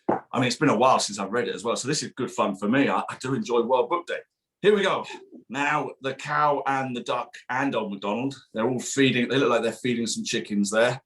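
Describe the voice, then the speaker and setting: At a bookshop event broadcast online, a man who wrote the picture book reads it aloud to children in a mid-range, fairly bright voice. His reading is sing-song and playful, complete with demonstrations of goofy sounds.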